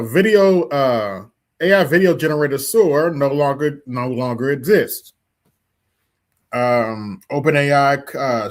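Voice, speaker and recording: A man hosting a livestream, talking emphatically and repeating his points straight to his audience. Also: mid-range voice. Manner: emphatic, repetitive, addresses audience directly. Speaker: streamer host. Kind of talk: casual commentary livestream.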